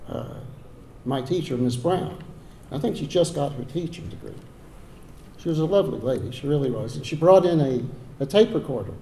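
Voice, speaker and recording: An older man with a Texan drawl delivers an earnest ceremonial speech at a podium. His voice sits a bit high for a man yet sounds mellow and warm, and he now and then repeats a word before carrying on. Faint noise hangs behind him. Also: expressive, moderate pace. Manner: heartfelt, earnest, with occasional repeated words and restarts. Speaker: donor giving a dedication speech. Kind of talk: ceremonial speech from prepared remarks. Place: ceremony hall.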